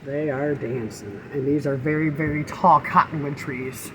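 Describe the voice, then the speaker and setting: A woman's voice: sits low, moderate pace. A woman, vlogging casually from her RV during a storm and soothing her pets as gusts hit. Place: in an RV during a windstorm. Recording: wind and rain noise behind.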